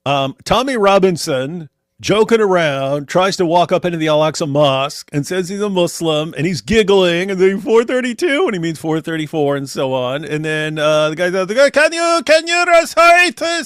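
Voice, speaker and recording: A man's voice: fairly high pitch, moderate pace, dry recording, studio quality. A man hosting a livestream, talking in casual commentary, emphatic and repeating words as he keeps addressing his audience. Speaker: livestream host.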